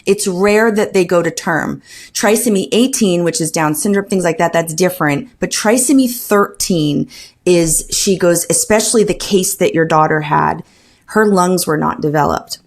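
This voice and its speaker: Woman on a podcast, lowish voice, earnest emotional storytelling, lots of restarts. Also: normal speed. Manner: earnest, emotional retelling with many restarts and quoted dialogue. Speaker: podcast guest. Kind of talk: personal storytelling in an interview.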